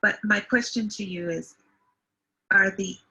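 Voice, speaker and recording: Woman english tutor on a video call, bit gravelly and husky, bright voice, patient explaining. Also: mid-range voice, measured pace, highs cut off. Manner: patient, explains word meanings, types words for student. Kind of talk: one-to-one online English lesson.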